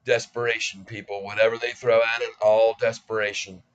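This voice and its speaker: A man's voice: on the low side, level tone, a little fast, clear, resonant tone, lo-fi sound. A man in his sixties giving casual stock market commentary in a folksy, cocky, self-mocking way. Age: 60s. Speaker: stock trading vlogger.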